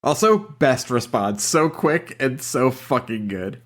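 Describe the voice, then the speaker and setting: A man's voice: mid-range voice, animated, slow. Laughing, swearing podcast co-host, a man. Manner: swears freely and laughs while talking. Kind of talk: casual chat.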